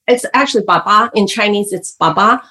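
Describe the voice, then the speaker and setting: A woman's voice: medium pitch, brisk, bright, forceful tone. A woman in her fifties, a podcast guest telling personal stories candidly and animatedly, often slipping into the voices of people in her stories.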